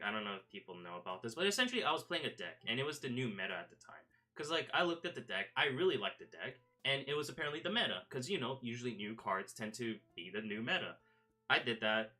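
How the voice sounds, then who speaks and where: A man's voice: medium pitch, pushed and bright. A man streaming casual chat, rambling through a story with many fillers and restarts. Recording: faint background music.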